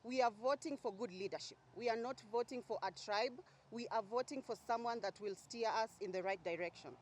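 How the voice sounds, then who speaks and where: A woman's voice: on the high side, a little fast. Earnest Kenyan woman urging young people to vote. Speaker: youth speaker at a press briefing. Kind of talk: short political statement.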